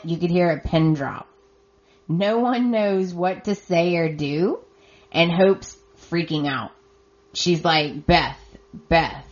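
Woman podcast host, casual chatty recap, slow delivery, dull lo-fi sound. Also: fairly low pitch. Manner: chatty, reacts with surprise and sarcasm. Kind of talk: casual soap opera recap.

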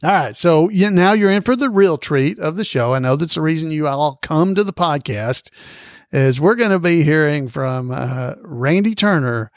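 A man's voice: a little high, animated, no room sound, studio quality. Chuckling man hosting a podcast quiz. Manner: reads questions slowly and repeats them, chuckles often. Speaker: podcast host running a trivia quiz. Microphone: close podcast microphone.

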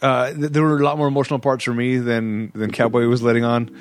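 Halting man hosting a movie podcast. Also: mid-range voice, level tone, dry recording, studio quality. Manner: halting, many restarts, laughs often. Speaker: podcast host. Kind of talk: casual movie review chat.

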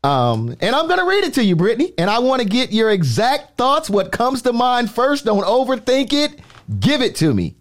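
A man hosting a podcast, talking in a teasing, animated way with drawn-out emphasis. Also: very high voice. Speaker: podcast host. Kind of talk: casual podcast chat.

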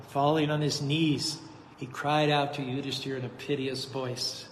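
A man's voice: medium pitch, flat delivery, normal speed. A man preaching a sermon in a temple hall, retelling an epic story in an earnest, dramatic way. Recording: echoey hall, faint noise.

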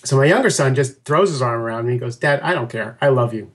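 A middle-aged man speaks as a guest in a casual interview, with a voice of ordinary pitch. He tells his story with animation, chuckling often and slipping into other people's voices as he quotes them. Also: quick pace. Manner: animated, laughing storyteller who acts out quotes. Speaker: podcast guest.

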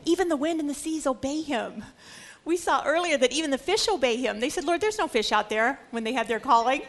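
A woman's voice: high-pitched, lively intonation, a little fast. A middle-aged woman teaching a Bible lecture, earnest and emphatic. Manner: earnest, acts out scripture quotes with emphasis. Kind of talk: religious lecture.

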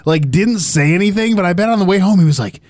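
A man's voice: high-pitched, lively intonation, a little mellow, no room sound. A man co-hosting a gaming podcast in casual banter, joking and laughing often, also reading an ad. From Michigan, USA. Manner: jokey, laughs often, quick riffs. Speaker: podcast co-host.

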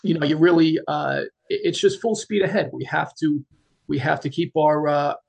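Man, interview guest, gravelly, husky, earnest, plain-spoken. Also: a little high, fairly even intonation, moderate pace, darkish tone. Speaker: guest, retired police officer. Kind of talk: casual interview talk.

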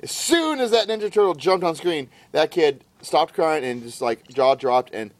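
A man's voice: on the high side, expressive, moderate pace, no room sound. A young adult man co-hosting a podcast outdoors by a campfire, joking, swearing and laughing often. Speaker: podcast co-host. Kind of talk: casual chat.

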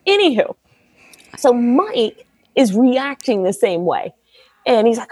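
A woman, telling a family story in a lively, animated way and acting out what people said. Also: a little high, takes it slowly, husky, no echo. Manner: lively, laughing, acts out quotes.

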